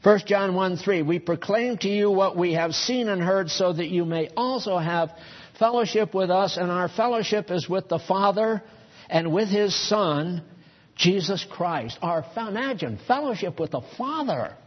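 A man's voice: high voice, expressive, normal speed, dull audio. A man preaching a sermon in a church, folksy and conversational, chuckling at his own asides.

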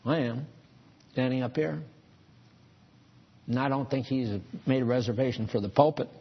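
A man's voice: mid-range voice, normal speed, creaky, slightly rough, dull audio. A man preaching a sermon in a church, folksy and conversational, chuckling at his own asides.

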